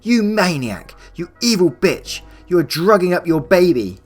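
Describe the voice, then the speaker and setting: A man's voice: fairly high pitch, sing-song, moderate pace, a little mellow, breathy edge, soft background music, pitched above the performer's own voice. A man voicing an entitled, demanding mother who raises her voice and accuses others. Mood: screaming.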